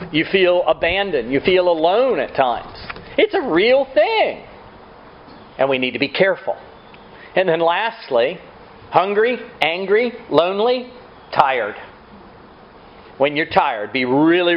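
A man's voice: fairly high pitch, dull audio, slight background noise. A man preaching a sermon, asking rhetorical questions and acting out quotes. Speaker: pastor.

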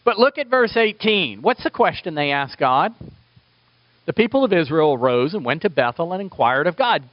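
A man's voice: fairly high pitch, big pitch swings, moderate pace, dry recording. A man preaching a sermon as a pastor, asking his listeners rhetorical questions. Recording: dull lo-fi dry recording.

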